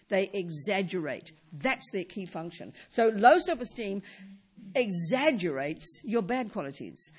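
A husky woman delivers a dharma talk with a lively, rising and falling voice. She presses her points with repeated words and restarts, then lets them settle low and soft. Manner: lively pitch, drops low and soft at phrase ends. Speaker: Buddhist teacher.

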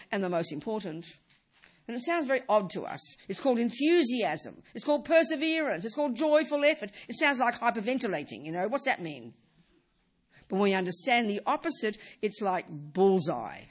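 A woman with a medium-pitched voice teaches a Buddhist dharma talk. She talks in bursts, repeats and restarts phrases, and keeps putting rhetorical questions to those listening.

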